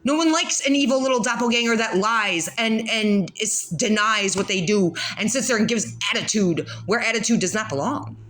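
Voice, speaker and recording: A woman's voice: fairly high pitch, normal speed, hardly any pauses, a bit bright. A woman doing a casual spiritual card reading, blunt and profane, laughing often as she talks. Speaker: tarot reader.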